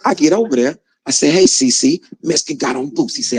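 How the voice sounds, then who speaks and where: A man casually telling a story about his time in prison, slangy and animated, acting out the other people's voices and laughing along. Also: on the high side, fast, few pauses, breathy edge, low-quality recording.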